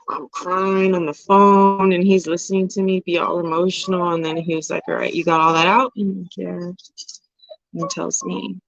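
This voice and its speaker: A livestream host in her forties, speaking at medium pitch, chats frankly with viewers, reading comments aloud and laughing often. Her talk is loose and candid, sprinkled with casual swearing. The close-miked sound is dry and a bit dull, with almost no room or echo around it.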